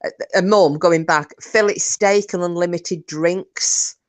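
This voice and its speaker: A woman's voice: lowish voice, steady tone, unhurried, dry recording. A woman hosting a live online chat, reading messages out and checking that everyone can hear her. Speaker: livestream host. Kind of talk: casual chat. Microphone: online call.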